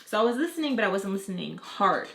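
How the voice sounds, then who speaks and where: A young woman vlogger telling a casual story in an animated, profane, rambling way. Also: medium pitch, fast talker, vocal fry. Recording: echoey room, faint noise.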